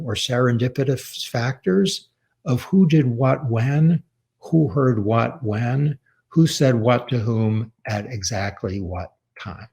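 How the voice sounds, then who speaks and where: A man delivers a public talk in a measured, reflective way, earnest as he turns personal. His mid-pitched voice carries a gravelly fry. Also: darkish tone. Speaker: author giving a talk. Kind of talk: public lecture with a personal story.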